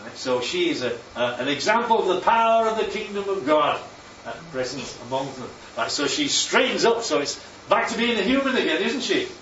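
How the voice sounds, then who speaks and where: A man preaching a sermon, lively and constantly checking in with his listeners by asking "right?" and "yeah?". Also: high voice, brisk, hardly any pauses, slight background noise. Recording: echoey, distant, dull sound with faint ambience.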